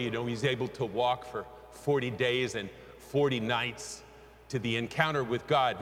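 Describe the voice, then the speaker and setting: A man's voice: medium pitch, a bit bright, big-room sound. A man preaching a sermon who breaks into a spiritual and leads the congregation in call and response. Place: church sanctuary.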